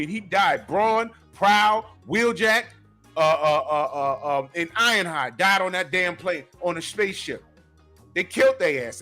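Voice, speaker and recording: High-voiced man telling animated stories. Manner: animated storyteller, acts out his own reactions; frequent repeated words and fillers. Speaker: host. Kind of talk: casual chat about cartoons.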